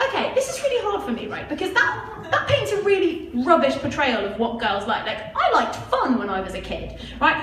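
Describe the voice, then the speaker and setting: A woman's voice: very high voice, distant mic. Chatty woman doing stand-up. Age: 20s. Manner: chatty, self-mocking, asks the crowd "right?". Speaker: stand-up comedian. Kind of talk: stand-up comedy set. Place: comedy club stage. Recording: echoey club mic heard from afar, audience noise. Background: audience laughter.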